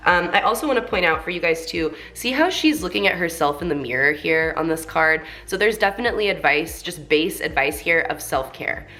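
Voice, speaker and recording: A woman's voice: low voice, expressive, fairly quick, few pauses, bright, forceful tone. A young woman with a congested voice, reading tarot cards in a chatty, encouraging way full of fillers. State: congested from a cold. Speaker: tarot reader.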